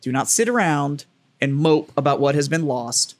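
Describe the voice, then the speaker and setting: A man's voice: fairly high pitch, animated, moderate pace. A man co-hosting a podcast, talking casually and earnestly. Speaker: podcast co-host. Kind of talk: casual chat.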